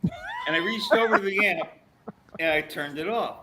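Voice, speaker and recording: A man's voice: high-pitched, moderate pace, very noisy. A man telling a story in casual chat, acting out what people said to him. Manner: animated storyteller, acts out quotes.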